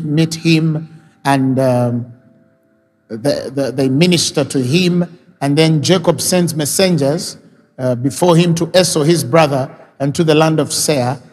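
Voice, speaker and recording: High-voiced man preaching in a hall. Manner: retelling scripture with rising emphatic questions. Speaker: pastor. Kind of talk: sermon. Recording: reverberant hall with faint music.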